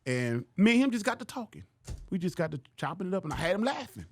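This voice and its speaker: A high-pitched, fast-talking comedian from Louisiana tells stories on a podcast as a guest. Animated and slangy, he acts out the people he quotes.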